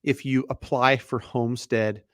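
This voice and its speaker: A man hosting a live mortgage Q&A stream, talking in a relaxed, chatty way with lots of fillers and restarts, sounding tired. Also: medium pitch, a little slow, dry recording, clean studio sound. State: tired, yawning.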